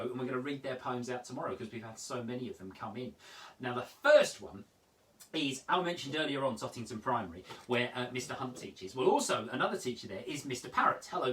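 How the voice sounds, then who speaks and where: A man's voice: medium pitch, far from the mic. A man hosting a daily poetry show from home, reading poems aloud and chatting to viewers in a playful, theatrical way. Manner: animated, playful, theatrical delivery.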